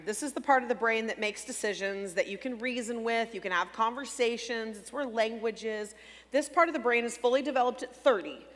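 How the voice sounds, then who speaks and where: A middle-aged woman speaking into a stage microphone at a church conference breakout session, explaining clearly and gently. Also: on the high side. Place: large church hall. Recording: long hall reverb.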